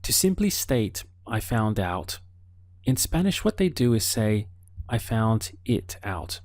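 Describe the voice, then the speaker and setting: Slow, deep-voiced man teaching Spanish. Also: big pitch swings, darkish tone, no room sound. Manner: slow, deliberate explaining with careful word-by-word modeling. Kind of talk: online language lesson.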